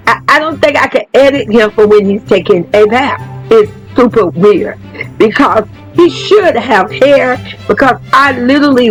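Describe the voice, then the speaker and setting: A woman with a slightly high voice, caught on a low-quality recording, hosts her own gaming channel. She chats her way through a life-simulation game, swearing freely and turning to her viewers again and again in this casual gameplay commentary.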